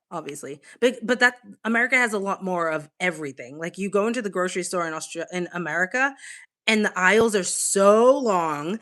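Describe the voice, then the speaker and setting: A woman's voice: fairly low pitch, pushed and bright. Chatty woman with a Boston accent. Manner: chatty, swears freely, reads chat aloud. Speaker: livestream host. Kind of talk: casual live-stream chat. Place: home, on a couch with a blanket.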